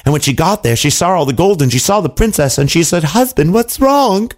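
A man telling a fairy tale to children in an animated, playful way, with asides to his listeners. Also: on the high side, quick pace. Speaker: storyteller. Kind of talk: children's storytelling.

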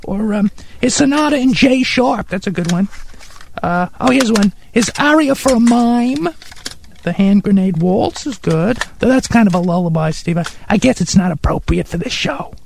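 A man playing Harry, an eccentric, pompous character in a comedy radio sketch, excitable and condescending as he gushes over bizarre music. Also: high voice, moderate pace, creaky, a little hiss or hum. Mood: excited.

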